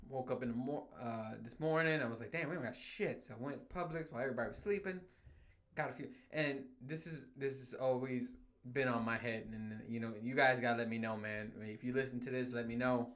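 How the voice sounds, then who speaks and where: A young man talks straight to his listeners in a loose, profanity-laced rant. His voice sits at an ordinary middle pitch, and he keeps laughing and breaking into exaggerated outbursts as he tells his stories. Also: a little fast. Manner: profane, animated storytelling with frequent laughs. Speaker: podcast host. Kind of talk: casual solo rant.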